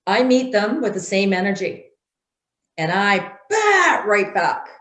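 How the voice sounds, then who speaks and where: A woman's voice: mid-range voice, very animated, slow, fairly bright tone, reverberant. A woman speaking in an interview, blunt and emphatic, acting out quotes as she tells stories. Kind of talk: conversational interview.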